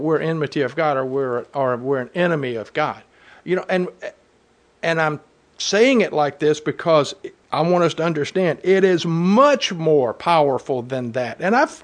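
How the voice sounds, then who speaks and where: A man with a slightly higher-pitched voice delivers a sermon to his congregation. He reads Bible verses aloud and presses his points with earnest emphasis. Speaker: preacher.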